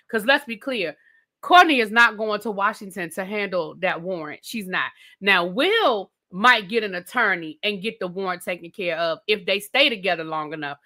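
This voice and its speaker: A woman's voice: mid-range voice, normal speed, sharp tone. A woman, ranting bluntly and casually about a TV show she reviews, swearing freely.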